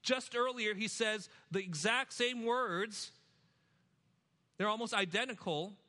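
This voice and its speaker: Male preacher with a high, bright tone who works through the text verse by verse, punching some lines and hushing others. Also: slow pace. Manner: expository preaching, swings between loud emphasis and hushed low asides. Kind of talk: sermon.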